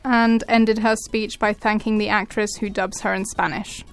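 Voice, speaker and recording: A woman presenter reading scripted news and introducing a studio guest, clear and measured. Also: medium pitch, little pitch movement, soft background music. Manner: clear, measured broadcast delivery.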